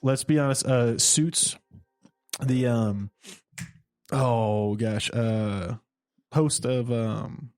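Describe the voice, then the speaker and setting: A man's voice: medium pitch, extremely slow, pauses often, darkish tone, no room sound. Brief: laughing, joking man, podcast co-host, dry studio sound. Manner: joking, laughs often, riffs on ideas. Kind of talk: casual comedic chat.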